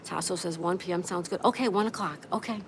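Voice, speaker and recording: A woman's voice: lowish voice, fast. A woman hosting a casual livestream, reading her viewers' comments aloud and answering each one in a chatty way. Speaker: livestream host. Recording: clear background noise.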